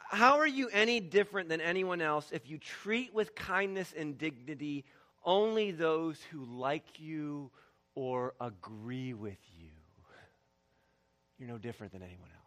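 A male pastor preaching a sermon in an animated way, swinging between shouted lines and hushed ones, with laughs between points. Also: fairly high pitch.

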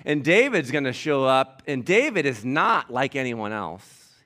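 A pastor preaching an animated, emphatic sermon, teaching from scripture and speaking directly to his congregation. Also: medium pitch, unhurried.

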